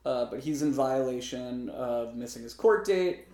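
A man's voice: mid-range voice, a little slow, dark tone. Podcast co-host, man, mid-range voice, wry profane storyteller, echoey room. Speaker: podcast co-host recapping a film. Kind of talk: casual chat.

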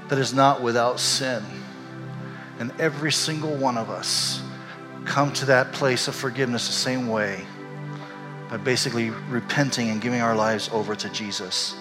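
An older man, a pastor, telling a candid and emotional personal story in a sermon, animated as he goes. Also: mid-range voice. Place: church sanctuary. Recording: echoey hall.

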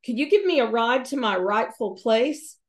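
A woman voicing a sweet, calm young ghost girl in a spoken ghost story. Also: a little high, moderate pace, natural voice.

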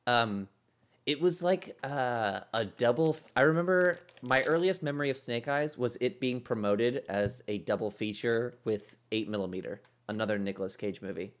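A man of middling pitch co-hosts a podcast in easy, casual chat. He thinks aloud and hesitates often, filling the gaps with ums and uhs. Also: moderate pace. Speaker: podcast co-host.

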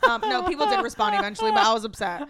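A woman's voice: extremely high pitch, big pitch swings, very fast, over a noisy crowd. A woman co-hosting a podcast, chatting casually and animatedly, swearing often and laughing a lot. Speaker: podcast co-host. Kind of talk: casual chat.

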